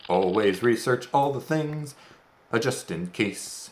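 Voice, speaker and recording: A man's voice: medium pitch, expressive, slow, reverberant, slight background noise. A man hosting a let's play, giving casual gameplay commentary with rambling, self-deprecating, goofy asides.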